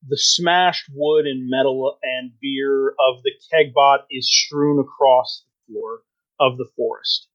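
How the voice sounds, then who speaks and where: A man's voice: mid-range voice, fairly bright tone, lo-fi sound. A man narrating a tabletop game as game master, describing scenes with many fillers.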